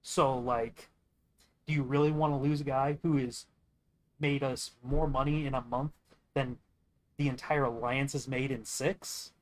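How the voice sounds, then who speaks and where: A man's voice: medium pitch, fairly even intonation, unhurried, long pauses, poor audio. A young man streaming games and telling a long rambling story in a casual, profane way, quoting others as he goes. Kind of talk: casual storytelling while gaming.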